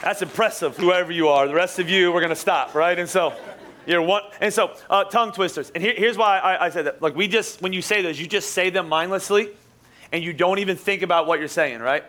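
A man preaching a live sermon as pastor in a church, jokey and energetic, teasing his congregation. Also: high voice, fairly quick. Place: church auditorium.

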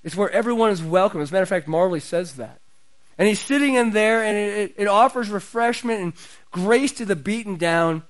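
A middle-aged man preaching a sermon in a conversational way, his voice climbing higher and louder as he builds up. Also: animated, a little fast. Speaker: pastor.

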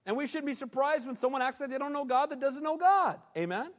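High-voiced preacher in an echoing hall. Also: male voice, expressive, fast talker. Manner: conversational preaching, calls out "amen?". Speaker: pastor. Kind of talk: sermon. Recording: long hall reverb.

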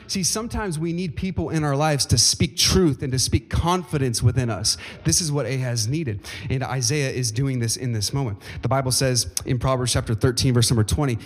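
Middle-aged male pastor, animated sermon delivery, slows for scripture readings. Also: medium pitch. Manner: animated preaching, slowing down to read scripture.

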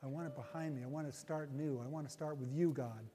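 A male pastor preaching a sermon and leading an altar-call prayer, earnest and folksy, repeating his phrases and dropping to a hush as he prays. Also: a little high, steady tone, fast, big-room sound. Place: church sanctuary.

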